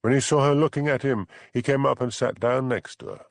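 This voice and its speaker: A man reading an audiobook in a measured, even storytelling manner. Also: mid-range voice, vocal fry, no echo. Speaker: audiobook narrator. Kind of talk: scripted narration.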